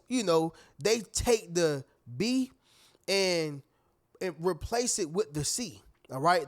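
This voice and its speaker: A high-voiced male motivational speaker delivers a preachy monologue, repeating phrases and addressing listeners as "y'all" and "family."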